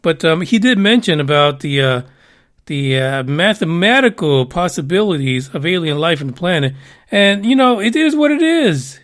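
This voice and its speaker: Man, high-pitched, casual show host, rambling, profane jokes. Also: very animated, moderate pace, fairly bright tone. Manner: rambling, profane, joking asides. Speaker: podcast host. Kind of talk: casual radio show chat.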